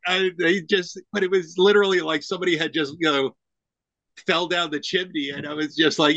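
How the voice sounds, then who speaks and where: A man's voice: high-pitched, a little fast, no echo. A middle-aged man chatting as a podcast guest, animatedly acting out the lines of people in his stories. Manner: animated storyteller who acts out quoted lines. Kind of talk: casual conversation.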